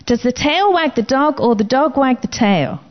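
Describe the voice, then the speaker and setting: A woman's voice: animated, moderate pace. Emphatic woman preaching. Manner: emphatic, declaring commands with rising pitch. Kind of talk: sermon. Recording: slightly dull lo-fi recording.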